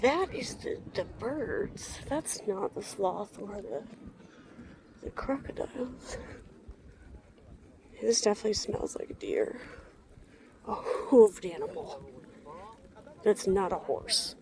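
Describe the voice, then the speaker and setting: A young woman's expressive, warm, mid-range voice comes slowly with long pauses, over a little hiss or hum. She's vlogging on foot outdoors at a zoo, rambling with wry muttered asides while tired and slightly out of breath.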